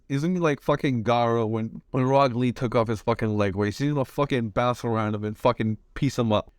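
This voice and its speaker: A man's voice: mid-range voice, smooth, dry recording, clean studio sound. A man giving fight predictions, talking slangy and rambling, swearing a lot and restarting his sentences. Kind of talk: casual chat.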